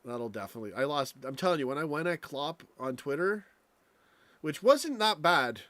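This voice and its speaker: A man's voice: fairly high pitch, big pitch swings, normal speed, a bit bright, no echo. A young American man hosting a casual late-night livestream from home, rambling and profane, restarting his sentences often. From United States. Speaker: live stream host. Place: home, indoors.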